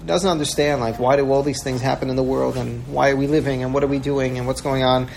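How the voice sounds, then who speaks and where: A man's voice: mid-range voice, level tone, fast talker, vocal fry, darkish tone, a little hiss or hum. A man giving a sermon-style talk, telling a parable with earnest feeling and acting out the voices in it. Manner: earnest storyteller, acts out quoted voices.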